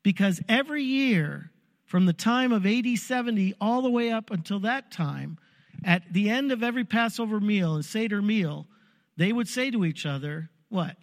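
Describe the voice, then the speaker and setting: Preacher guy, fairly high voice, animated storyteller, big hall echo. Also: normal speed. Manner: storytelling, animated, acts out crowd cries. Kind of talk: sermon. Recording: long hall reverb.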